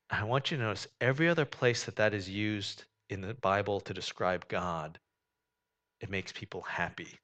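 A man preaching a sermon, conversational and animated, with joking asides. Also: mid-range voice, moderate pace. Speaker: pastor.

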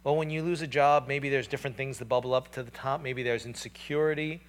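A man preaching a sermon in a conversational way, with many fillers, building to louder passages and dropping to quiet reflective ones. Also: mid-range voice, steady tone, fast. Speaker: pastor.

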